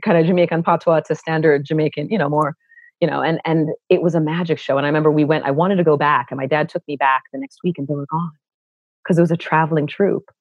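A middle-aged woman from Brooklyn with a low contralto voice tells her stories as a podcast guest. She is animated and expressive and acts out the voices she quotes. The audio is dry and a little dull, like a remote call. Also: quick pace, dry recording. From Brooklyn, New York. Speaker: guest, actor and educator. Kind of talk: conversational interview storytelling.

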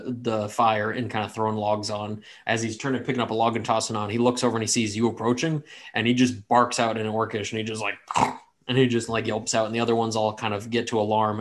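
A man narrating a tabletop game as game master in a casual, rambling way with many fillers. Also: fairly low pitch.

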